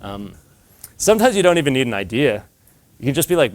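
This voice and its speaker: A man's voice: medium pitch, sing-song, quick pace, long pauses. A man giving a casual talk to an audience, telling stories with lots of filler words and acted-out dialogue.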